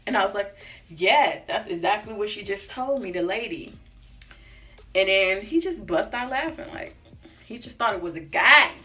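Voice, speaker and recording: A young woman vlogger tells a story in a loose, chatty way and acts out the people she quotes. Her voice is bright and forceful. She sits a little back from the mic, with soft music playing underneath. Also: medium pitch, animated, moderate pace, distant mic. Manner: chatty, acts out quotes, says "like" and "y'all" often. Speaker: lifestyle vlogger. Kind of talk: casual storytelling to camera. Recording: voice a bit off-mic with faint music behind.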